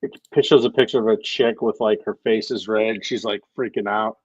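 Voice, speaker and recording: A man's voice: on the low side, fairly even intonation, fairly quick, slightly rough, dry recording. A man co-hosting a casual livestream chat, talking in slang and swearing freely. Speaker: co-host. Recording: dull lo-fi dry sound.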